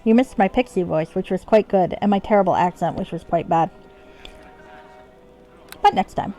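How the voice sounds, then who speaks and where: A woman's voice: medium pitch, moderate pace, dark tone, soft background music. A woman streamer giving casual, wry commentary while playing a game, thinking aloud. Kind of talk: casual let's-play commentary.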